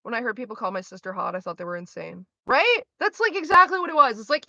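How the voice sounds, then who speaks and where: A young woman chats loosely with her stream, her voice bright and pitched a little high, hopping between thoughts and cursing casually. The mic is dry and close, with a slightly dull, lo-fi sound. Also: animated, fast talker, vocal fry, dry recording. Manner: rambling, swears freely, trails off mid-sentence. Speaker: livestreamer reading chat. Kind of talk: casual chat with a live audience.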